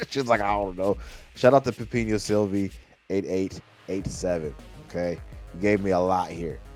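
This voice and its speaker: A man's voice: low voice, steady tone, normal speed, darkish tone. A man hosting a casual music reaction, chatty and loose, talking straight to his viewers with lots of restarts. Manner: loose and chatty, with many restarts and hype phrases.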